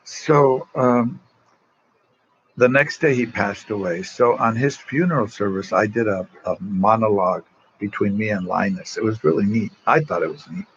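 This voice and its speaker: A man's voice: lowish voice, moderate pace, highs cut off, slight background noise. An older man, a priest, telling rambling personal stories to an online audience in a casual way, often restarting his sentences. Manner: rambling, warm anecdotes with frequent restarts.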